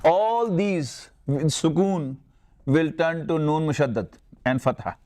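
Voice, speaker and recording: An older man from Pakistan whose first language is Urdu, teaching Arabic grammar in a classroom lecture and slowly drilling verb forms. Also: a little high, a little mellow.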